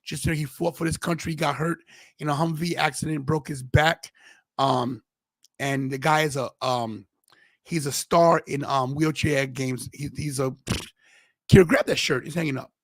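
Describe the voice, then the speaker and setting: A man's voice: fairly high pitch, fairly even intonation, moderate pace, no room sound. A man hosting a podcast in casual chat, telling a rambling story with many restarts and fillers. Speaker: podcast host.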